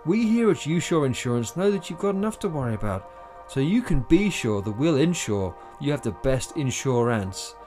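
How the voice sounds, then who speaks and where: A man's voice: mid-range voice, sing-song, normal speed, hardly any pauses, a little mellow, soft background music, close to an everyday voice. A melodramatic commercial announcer, put on by a man with a mid-range male voice, selling insurance in a spoof radio advert. Every line is delivered with heavy theatrical weight, like a movie-trailer voice. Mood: salesy. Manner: theatrical, dramatic voice-over delivery.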